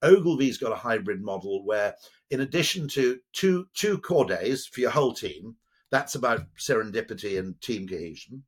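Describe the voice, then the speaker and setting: An animated British man with a husky, medium-pitched voice speaks at a moderate pace as a guest on a lively podcast. He's an advertising executive who digresses freely and tags his lines with "okay?"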